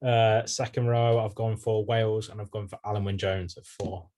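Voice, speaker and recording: A young man with a fairly low voice, co-hosting a relaxed podcast chat. He answers in short, dry lines and keeps the running order moving. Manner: dry, brisk, moves things along. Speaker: podcast co-host. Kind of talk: casual banter.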